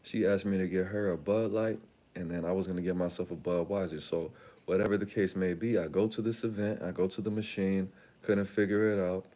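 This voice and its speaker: A man's voice: low voice, steady tone, brisk, warm tone. A man hosting his own channel, telling a long story in a rambling, slangy, casual way with lots of asides. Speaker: channel host.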